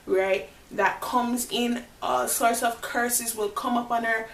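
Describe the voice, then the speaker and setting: A woman vlogger retelling a personal story to her viewers in a dramatic, expressive way, bringing faith and God into it. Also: a little high, slow pace. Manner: religious, speaks of faith and God. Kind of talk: storytime vlog, talking to viewers. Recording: roomy echo, distant mic, faint hiss.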